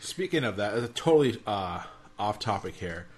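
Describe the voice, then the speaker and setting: A man co-hosting a casual podcast chat, animated and profane, laughing often. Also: lowish voice, normal speed, husky. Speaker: podcast co-host.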